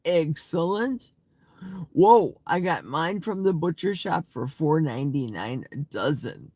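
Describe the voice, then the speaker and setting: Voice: mid-range voice, lively intonation, unhurried, dark tone, dry recording. An older host chatting playfully on a live stream, reading viewer comments aloud with gasps and sing-song asides. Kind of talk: casual live chat.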